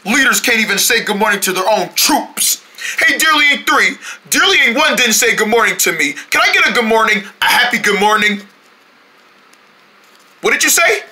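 A man voicing an excitable young male cartoon deer who shouts and complains at everyone. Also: very high-pitched, full character voice. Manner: shouty, indignant, quick to complain. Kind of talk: cartoon voice acting.

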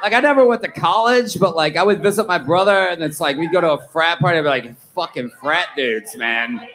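Profane, animated man telling stories on stage. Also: sits high, fast, low-quality recording. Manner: loose, profane, animated storytelling. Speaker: reality TV guest. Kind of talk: live stage interview, joking banter. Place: live event at a bar venue.

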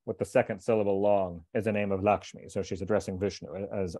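A man reading a translated scripture aloud in a measured, deliberate way, stopping for short explanatory asides. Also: on the low side, steady tone, mellow, no room sound. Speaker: scripture reader and teacher.

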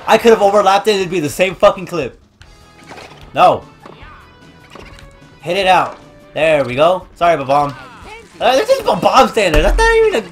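Loud, cursing young gamer man. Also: high-pitched. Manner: loud, swearing, trash-talking, yelling at the game. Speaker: gaming YouTuber. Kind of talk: let's play commentary.

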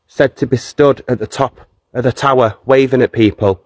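A man hosting a live ghost hunt at a castle, speaking earnestly and gently to a spirit, then turning to chat with his viewers. His voice sits at an ordinary male pitch and sounds close and dry, as if caught on a handheld phone with little room sound. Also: fairly even intonation, normal speed, dry recording. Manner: earnest and coaxing toward the spirit, chatty with viewers. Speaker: ghost-hunting livestream host. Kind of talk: live paranormal investigation, talking to a spirit and viewers. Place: castle grounds. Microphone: handheld phone streaming live.

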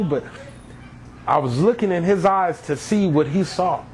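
Guy telling his story, earnest and lively, bit of hiss in the background. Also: a little high, measured pace, low-quality recording. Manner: earnest, animated storytelling, acting out others' cries. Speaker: testimony speaker. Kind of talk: personal testimony.

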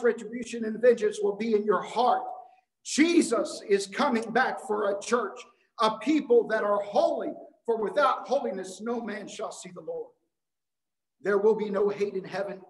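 A man's voice: high voice, reverberant, rough recording. A man delivering an emphatic sermon at a worship service, repeating phrases for weight and stumbling over a word now and then. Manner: emphatic preaching with repetition and some stumbles. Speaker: preacher.

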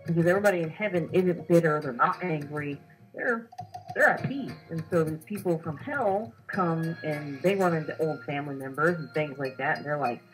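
A woman's voice: sits low, moderate pace, soft background music, low-quality recording. A young woman recounting a dream in casual conversation, acting out the quoted lines as she tells it. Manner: animated storytelling with acted-out quotes. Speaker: co-host.

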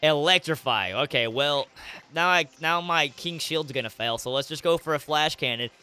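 A young man commentating his own game playthrough, excitable and emotional, swinging into loud frustrated outbursts. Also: on the high side, moderate pace, smooth, soft background music. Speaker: gaming YouTuber. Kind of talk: Let's Play commentary. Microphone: webcam setup with headset or desk mic.

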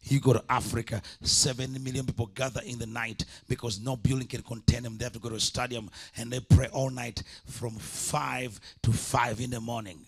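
A man's voice: medium pitch, little pitch movement, moderate pace, hardly any pauses, slightly rough. A man preaching a sermon as an evangelist, impassioned, with repeated call-and-response lines.

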